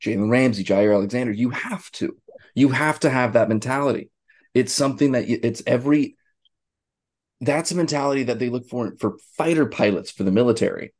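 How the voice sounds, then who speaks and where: A man co-hosting a podcast, chatting casually about sports in a rambling, animated way with many restarts. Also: medium pitch, fairly quick. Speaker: podcast co-host.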